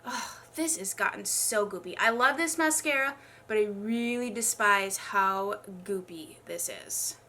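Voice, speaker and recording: An unhurried mid-range voice with a sharp tone, recorded with slight background noise, belongs to a young beauty vlogger. While doing her makeup she chats casually and rambles, sounding congested and a little labored in her speech, and pokes fun at herself throughout this get-ready-with-me talk.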